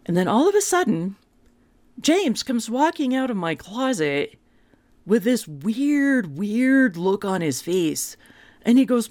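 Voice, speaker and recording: A woman in her fifties telling comic stories about her family, animated and self-mocking, her voice jumping up for the punchlines. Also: on the high side, takes it slowly, no echo, clean studio sound. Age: 50s. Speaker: vlogger. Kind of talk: comic personal storytelling.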